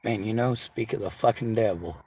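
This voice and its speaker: A man's voice: lowish voice, brisk, a little mellow, slightly rough. A man delivering a sarcastic, profanity-laced rant straight to his audience. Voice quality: sarcastic, combative. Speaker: vlogger. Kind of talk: angry profane rant to camera.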